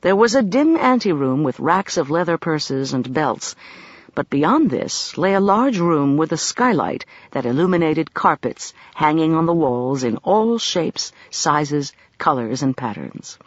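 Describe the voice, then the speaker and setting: Brief: audiobook narrator, measured and expressive, lively in pitch, slightly husky. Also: dry recording, lo-fi sound.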